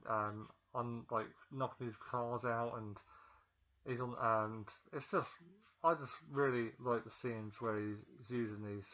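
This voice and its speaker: A man talks through a film's plot in a loose, rambling way, full of ums and self-corrections. He is feeling ill. His voice sits in a middle pitch, and the recording sounds dull and lo-fi. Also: fairly bright tone. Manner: rambling, with many ums and restarts. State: feeling ill, pausing to cough. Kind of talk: casual film recap.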